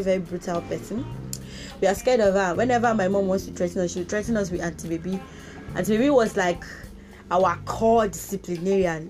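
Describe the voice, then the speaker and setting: A woman with a Nigerian accent hosting a podcast, telling a personal story in a casual, expressive way with exclamations and Pidgin touches. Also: fairly low pitch. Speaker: podcast host.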